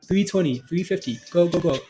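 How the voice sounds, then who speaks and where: Over soft background music, a man with a high-pitched, dark-toned voice hosts a live stock trading stream, talking fairly quickly. He chats casually with viewers, laughing often and repeating himself.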